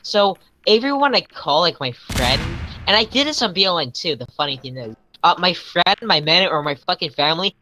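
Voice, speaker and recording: A woman's voice: on the low side, expressive, a little fast, hardly any pauses, background noise. A woman gamer in casual voice chat, rambling with lots of fillers and swearing.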